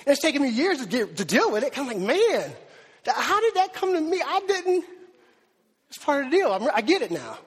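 High husky guy preaching, big echoey hall. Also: brisk. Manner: animated, emphatic preaching with repeated words. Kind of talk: sermon. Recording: long hall reverb.

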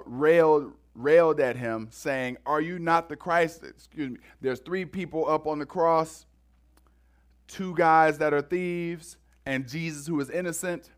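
Energetic man preaching a sermon. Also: on the high side. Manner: energetic, conversational preaching with repeated words. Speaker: pastor.

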